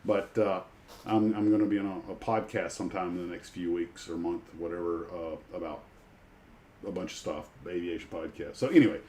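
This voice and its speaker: A man with a low, steady, darkish voice speaks fairly quickly while hosting a livestream. He's a retired pilot chatting casually and rambling through stories with many restarts, over slight background noise.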